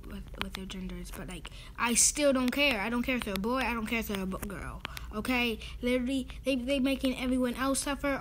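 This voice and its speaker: A woman's voice: high-pitched, fairly bright tone, a little hiss or hum. A young woman giving casual gameplay commentary, ranting and repeating herself in exasperation. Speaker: gaming YouTuber.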